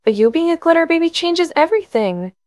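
A woman voicing an eager, nervously reassuring mother who talks excitedly about family fairy magic, in an audiobook. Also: extremely high pitch, brisk, no room sound, studio quality, voice pushed up. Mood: enthusiastic. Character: eager, nervous middle-aged mother, chatty fairy-line enthusiast. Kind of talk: audiobook narration.

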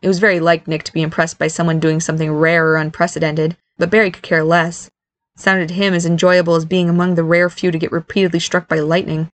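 A woman reading a story aloud as narrator in a steady, even manner. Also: on the low side, fast. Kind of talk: scripted narration.

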